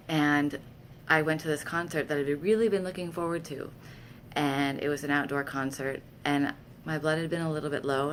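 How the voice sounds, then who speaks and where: A woman's voice: low voice, slight background noise. A woman vlogger telling candid, self-deprecating personal stories in a casual way. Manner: candid, self-deprecating, animated when quoting herself. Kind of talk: casual storytelling to camera.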